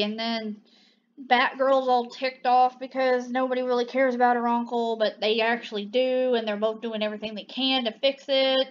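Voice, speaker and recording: A woman's voice: a little high, muffled recording. A young woman, chatting casually and gushing playfully as a movie reviewer on her own channel.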